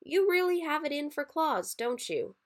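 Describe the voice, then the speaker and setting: A woman's voice: high voice, big pitch swings, normal speed, voice pushed up. A woman voicing a wary grieving man in a story reading, curt and suspicious.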